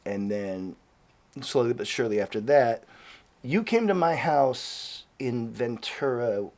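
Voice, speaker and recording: A man's voice: mid-range voice, lively intonation, measured pace, darkish tone. A man hosting a podcast in a studio, rambling and joking with plenty of swearing. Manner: profane, jokey, rambling. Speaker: podcast host. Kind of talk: casual rambling chat.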